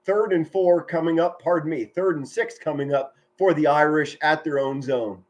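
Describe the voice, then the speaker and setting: A man calling a football game play by play from his home, with a somewhat high voice. He talks with energy and a chatty, folksy manner, drifting into friendly asides between plays. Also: fairly even intonation, normal speed. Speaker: amateur play-by-play commentator. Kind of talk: live-streamed play-by-play commentary. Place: home, indoors.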